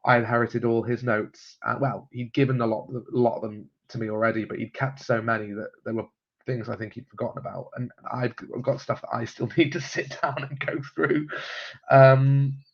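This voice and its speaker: This male genealogy stream host speaks briskly in a level, mid-range voice with vocal fry. He goes casually through viewer comments with frequent ums and chuckles, and the lo-fi recording is slightly muffled.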